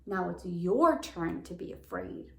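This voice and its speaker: A woman's voice: lowish voice, huge pitch swings, unhurried, creaky, fairly bright tone, recorded from a distance, pitched below the performer's own voice, heavily acted. A woman voicing a brave, stern male woodcutter in a fairy tale, firm in tone. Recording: roomy echo.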